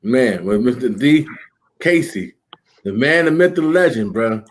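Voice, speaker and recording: A man's voice: mid-range voice, animated, a little slow. A man hosting a livestream over a video call, hyping up the guests with repeated calls to listen. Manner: repetitive, hyped-up calls to listen. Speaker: livestream host. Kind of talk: hype host banter.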